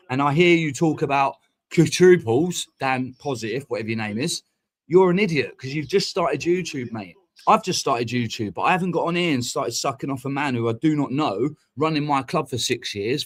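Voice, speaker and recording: A man, hosting a fan live stream and ranting in a heated, sweary, rapid-fire way. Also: medium pitch, fairly bright tone. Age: 40s. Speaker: fan channel host. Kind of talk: casual live-stream rant. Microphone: streaming mic.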